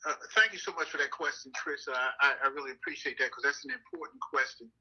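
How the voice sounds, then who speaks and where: An older man, a councilman, speaking in an interview in a measured, deliberate way with frequent "uh" fillers. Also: on the high side, pushed and bright, breathy edge, lo-fi sound. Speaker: city councilman and NAACP president. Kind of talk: interview conversation.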